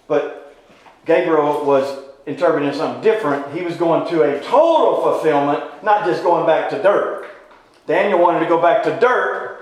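High-voiced man teaching in an echoey room. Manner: folksy, quizzes the class with repeated questions. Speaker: Bible study teacher. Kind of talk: interactive Bible class lecture.

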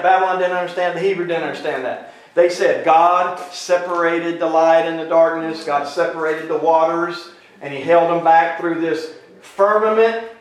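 A man teaching an informal Bible class, talking casually and putting questions to his listeners. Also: fairly high pitch. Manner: conversational, asks the class questions. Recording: very echoey room from a distance.

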